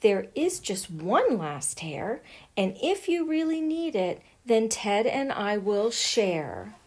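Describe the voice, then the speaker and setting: A woman reading aloud and voicing a kind, firm little girl who speaks up clearly. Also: mid-range voice, very animated, takes it slowly, darkish tone. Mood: thoughtful.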